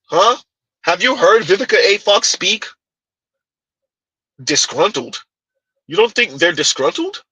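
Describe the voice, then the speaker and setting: A man with a high, husky voice delivers heated reaction commentary. He jumps all over his pitch as he fires off mocking rhetorical questions. The recording is dry and close. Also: very animated, takes it slowly, long pauses, bright, forceful tone, dry recording, rough recording.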